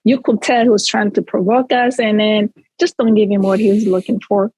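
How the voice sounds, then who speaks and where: A woman from Central Africa, a podcast guest, telling stories in an animated, chatty way and linking each step with "so". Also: medium pitch, fairly quick, husky, no echo, low-quality recording. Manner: animated, tells stories in long chains of "so". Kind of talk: casual storytelling.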